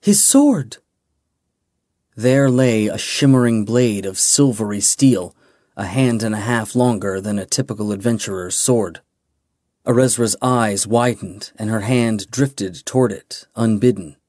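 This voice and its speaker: Man, audiobook narrator, fantasy, slow, measured, dry. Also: on the low side, fairly even intonation, a little mellow, no echo.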